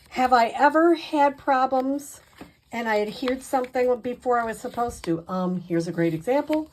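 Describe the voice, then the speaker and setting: A woman hosting a card-making tutorial, chatty and encouraging, poking fun at her own mistakes as she works. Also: fairly high pitch. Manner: chatty, self-deprecating, encouraging. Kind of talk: casual crafting demonstration.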